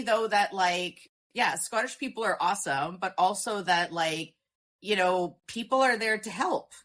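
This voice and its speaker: A woman's voice: on the low side, fairly bright tone. A woman from Canada, a podcast guest, telling a story in a rambling casual way with many fillers.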